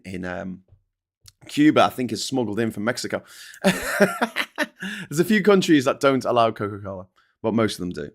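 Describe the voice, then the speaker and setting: A man's voice: medium pitch, fairly bright tone. Scouse accent, middle-aged man, host, blunt ranting, reading comments. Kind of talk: casual live news chat reading viewer comments.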